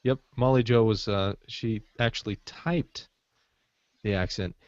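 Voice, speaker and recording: A man's voice: on the low side, a little slow, darkish tone, no room sound. A man co-hosting a casual podcast chat, rambling with frequent fillers, heard over muffled call audio. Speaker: podcast co-host.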